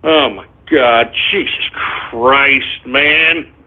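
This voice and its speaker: A man's voice: medium pitch, very slow. A male talk radio host reading out listener names and ranting, abrasive and sarcastic, throwing insults at his audience. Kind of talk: live internet radio shout-outs and rant. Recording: tinny phone-like sound.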